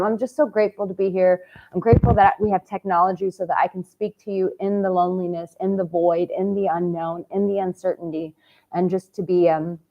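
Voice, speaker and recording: A woman dating coach giving a heartfelt motivational vlog talk, swinging from hushed tenderness to loud, exuberant outbursts and swearing casually. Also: mid-range voice, muffled recording.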